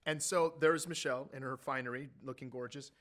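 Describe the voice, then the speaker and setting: Man telling a lively anecdote. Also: medium pitch, a little fast. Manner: animated storyteller who acts out what others said. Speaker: interview guest.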